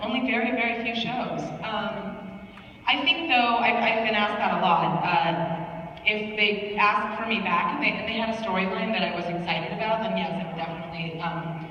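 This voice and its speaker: A woman's voice: mid-range voice, steady tone, a little hiss or hum. Woman on a convention stage, casual and laughing, heard far off in a reverberant hall. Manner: chatty, playful, quick to laugh. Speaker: convention panel guest. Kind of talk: casual fan Q&A chat. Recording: echoey muffled hall, mic from afar.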